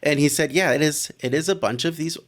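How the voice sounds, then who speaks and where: A man's voice: a little high, quick pace. A man co-hosting a casual discussion, thoughtful and given to light laughs. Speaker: podcast co-host.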